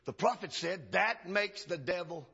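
A male preacher delivering a revival sermon, chanting upward and dropping to a hush. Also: high voice, lively intonation, a little slow, creaky, a crowd in the background. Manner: chanting rises and sudden drops to a hush. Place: church sanctuary. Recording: dull lo-fi church recording.

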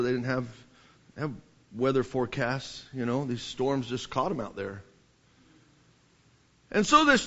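A man preaching a sermon, telling a story with passion and rising to shouts, with many restarts. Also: a little high. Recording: dull lo-fi sermon recording.

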